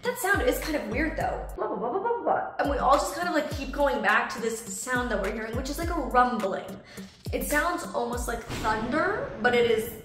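Young woman vlogger, fairly high voice, echoey room, faint music behind. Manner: animated storytelling, acts out quoted voices. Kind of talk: storytime vlog. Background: soft background music.

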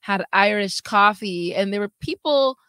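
A woman's voice: medium pitch, a little slow, fairly bright tone, smooth, no room sound. A woman news anchor co-hosting a casual chat, talking freely and laughing easily.

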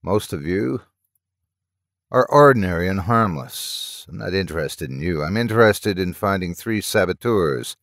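A man's voice: deep voice, expressive, measured pace, fairly bright tone, no echo, clean studio sound, heavily acted. A man voicing a stern, menacing male Martian officer who questions prisoners in a cold, commanding way.

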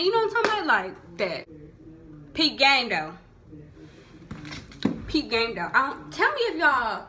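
This vlogger sits high in pitch against a noisy background. She's a young woman from Houston, Texas, with a Southern Houston accent, casually discussing local slang while laughing often and using "like" a lot.

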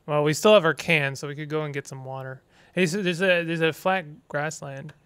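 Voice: mid-range voice, fairly even intonation, brisk, a bit bright, smooth. A gaming streamer giving let's play commentary, playful and exasperated, with dramatic outbursts, silly made-up words and the odd muttered aside.

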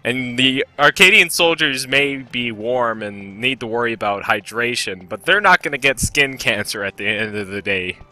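A man's voice: medium pitch, moderate pace, hardly any pauses, bright, forceful tone, soft background music. A man playing a video game and commenting casually, joking and swearing freely. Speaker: let's play host and player.

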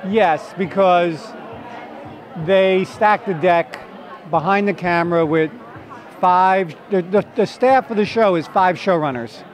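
Man, New Jersey accent, high-pitched for a man, playful and teasing, faint crowd chatter outdoors. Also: slow. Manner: playful, flirty, joking. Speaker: actor guest. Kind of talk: red carpet interview. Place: outdoor red carpet event.

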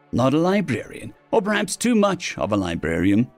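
Expressive male story narrator. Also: medium pitch, fairly quick, hardly any pauses. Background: faint music.

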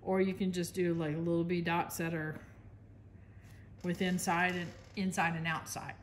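A woman's voice: fairly low pitch, flat delivery, normal speed, slight background noise. An American woman giving a casual, chatty painting demonstration, talking while she works and apologizing to viewers now and then. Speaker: art instructor.

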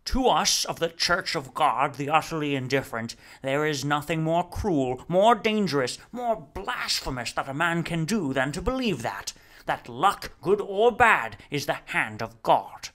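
A man's voice: expressive, a little slow, a bit bright. A man voicing a grandiose, preaching figure who lectures a crowd in solemn, declamatory tones. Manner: solemn, declamatory, booming calls.

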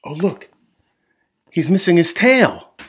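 A man voicing an excitable, bossy little girl piglet in a storybook reading, speaking in high squealing outbursts. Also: slow pace, slightly rough, exaggerated voice. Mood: excited.

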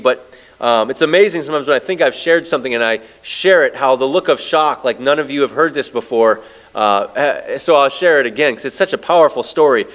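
A man pastor preaching a sermon, telling stories and slowing down to read scripture. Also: fairly high pitch, a bit bright. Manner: storytelling preacher, slows down on scripture.

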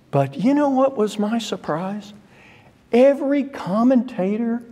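A man's voice: mid-range voice, darkish tone. A man teaching a Sunday school Bible class, emphatic, repeating his points and quoting scripture. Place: church classroom. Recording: long church reverb.

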